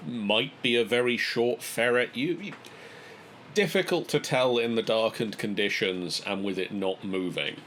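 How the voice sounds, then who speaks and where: A man narrating a tabletop game as game master, describing scenes in a relaxed way with fillers. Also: medium pitch, a little slow, slight background noise.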